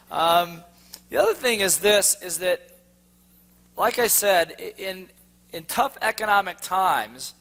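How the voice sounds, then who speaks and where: A man's voice: high-pitched, fairly bright tone. A man giving a sales seminar to a live audience, quizzing them with fill-in-the-blank questions. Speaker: sales trainer. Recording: long hall reverb.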